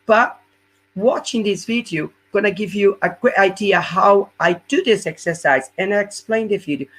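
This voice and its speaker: A man's voice: high voice, moderate pace, a bit bright. A man teaching core exercises in a live webinar as a fitness coach, explaining step by step in non-native English and often checking in with "yeah?".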